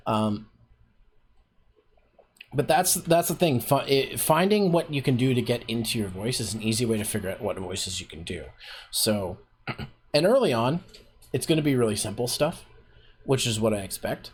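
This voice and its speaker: A Canadian man with a medium-pitched, expressive, slightly rough voice hosts a casual voice acting workshop on a stream. He talks at normal speed with long pauses, rambling loosely and filling his speech with words like "like" and "um."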